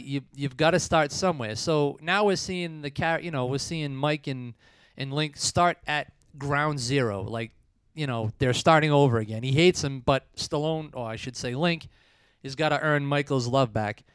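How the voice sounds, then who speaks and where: Clear-voiced man retelling a movie plot. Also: a little high, normal speed, hardly any pauses, dry recording. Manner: chatty plot retelling with frequent laughs. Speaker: podcast host. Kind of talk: casual movie review chat.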